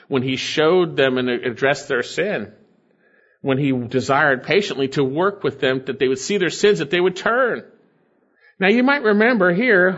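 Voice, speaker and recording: Pastor guy preaching, higher voice, kinda dull lo-fi sound, earnest, punches up then drops way down. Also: a bit bright. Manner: earnest preaching, rising to emphatic peaks and dropping low. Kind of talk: sermon.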